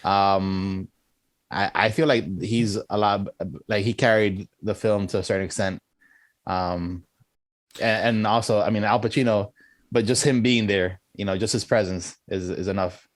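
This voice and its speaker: A man with a lowish voice, recorded dry and close, chatting casually about a film. He talks hesitantly and restarts his sentences often as he works out his opinion. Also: fairly even intonation, unhurried, dry recording. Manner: hesitant, many restarts and fillers. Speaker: podcast co-host. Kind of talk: casual movie review chat.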